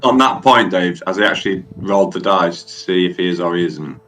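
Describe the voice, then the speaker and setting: Deep-voiced teasing player, distant mic. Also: male voice, a little fast, fairly bright tone. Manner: teasing, chatty. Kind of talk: casual chat. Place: online voice call.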